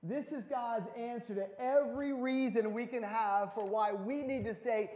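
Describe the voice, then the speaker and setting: High-voiced pastor in a reverberant hall. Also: male voice, normal speed. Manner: playful, animated, repeats words when restarting. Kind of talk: sermon. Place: church sanctuary.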